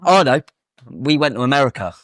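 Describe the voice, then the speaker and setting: A man co-hosting a football fan channel, trading quick, jokey banter in casual chat. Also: medium pitch, very animated, fairly bright tone, slight background noise.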